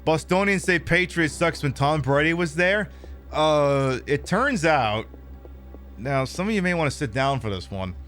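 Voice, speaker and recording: Over soft background music, a man with a slightly high voice hosts a live stream and chats while he games. His talk rambles, stays animated, and slips into quick impressions.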